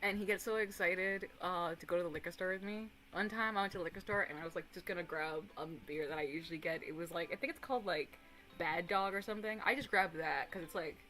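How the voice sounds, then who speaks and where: A young woman in her twenties streaming casual chat, rambling and animated, swearing casually and breaking into excited impressions of others. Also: fairly low pitch, low-quality recording.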